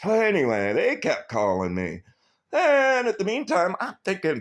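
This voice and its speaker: A man's voice: high voice, normal speed. A man telling a long, rambling story to his viewers, swearing constantly and mocking the people he quotes. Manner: profane, rambling, animated storytelling; quotes others in mocking voices. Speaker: vlogger. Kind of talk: rambling profane monologue.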